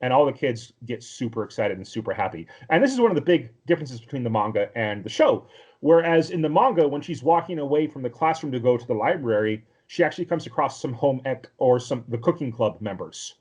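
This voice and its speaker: Recapping a cartoon episode with his podcast partners, this man speaks fairly quickly in an expressive, slightly mellow medium-pitched voice with a breathy edge. His casual talk wanders, full of filler words and restarts.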